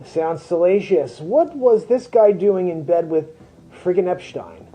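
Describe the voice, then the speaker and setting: Brash male comedy news host, high-pitched, dark mellow tone, riffs on headlines, faint music underneath. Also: animated, a little slow, breathy edge, low-quality recording. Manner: brash, jokey, peppers speech with 'freaking' and 'friggin''.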